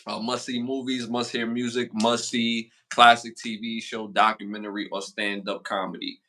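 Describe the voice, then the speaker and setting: A man co-hosting a podcast in casual chat, animated and slangy, his voice leaping higher when he gets excited. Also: normal speed. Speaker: podcast co-host.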